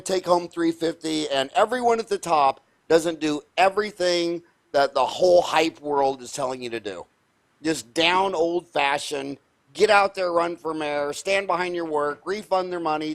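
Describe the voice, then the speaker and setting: A man in his fifties, hosting a show, telling a story with energy and emphasis in a folksy, conversational way. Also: a little high. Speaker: podcast host, dentist.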